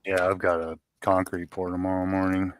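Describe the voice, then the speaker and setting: Easygoing low-voiced man. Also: monotone, moderate pace, dry recording. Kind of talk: casual chat while painting.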